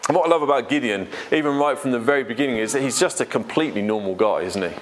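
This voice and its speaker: A man's voice: medium pitch, expressive, rapid-fire, a little hiss or hum. Earnest, conversational preacher man. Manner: conversational and earnest, asks the congregation questions. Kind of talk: sermon.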